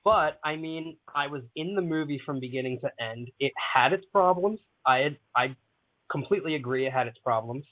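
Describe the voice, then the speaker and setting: A man in a casual podcast chat, animated and blunt, swearing as he retells scenes. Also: a little high, fairly quick, dry recording. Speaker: podcast panelist. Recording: tinny phone-like audio, dry.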